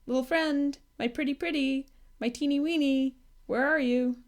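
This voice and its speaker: Eager young troll boy, high and doting, read by a woman. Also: fairly even intonation, normal speed. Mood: coaxing. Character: excitable young male troll creature. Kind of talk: storybook read-aloud.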